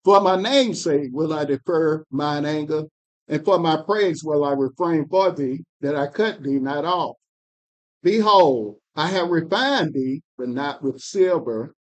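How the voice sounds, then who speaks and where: A man reading scripture aloud in a Bible class, slow and emphatic, pushing up on key words. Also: on the high side.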